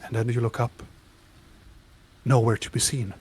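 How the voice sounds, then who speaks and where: A man's voice: medium pitch, little pitch movement, moderate pace, a little mellow, slightly rough, no room sound. A man narrating a tabletop game as game master, describing scenes with frequent restarts.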